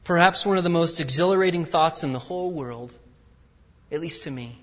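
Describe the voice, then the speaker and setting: A man's voice: on the high side, a little fast. Preaching man in a reverberant hall. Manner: swings from loud emphatic peaks to quiet intimate asides. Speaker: guest preacher. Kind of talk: sermon. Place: large church sanctuary. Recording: dull audio with long hall reverb.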